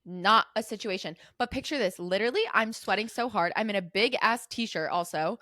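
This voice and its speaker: A young woman from Idaho co-hosting a podcast, telling stories in an animated casual chat, full of "like" and "literally". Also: mid-range voice, brisk, no echo, studio quality. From Idaho, USA. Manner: animated storyteller, heavy "like" and "literally" filler. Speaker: podcast co-host.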